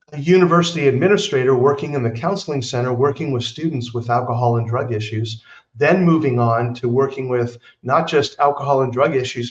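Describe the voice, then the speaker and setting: A middle-aged man hosting a podcast, telling personal stories in a chatty, earnest way with rambling asides. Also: medium pitch. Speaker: podcast host. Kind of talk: casual storytelling monologue. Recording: roomy, slightly dull recording.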